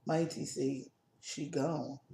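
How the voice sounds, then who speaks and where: A woman co-hosting a casual chat video, telling a personal family story in a halting, emotional way with many restarts. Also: sits low, steady tone, creaky, dark tone, echoey room. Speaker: co-host.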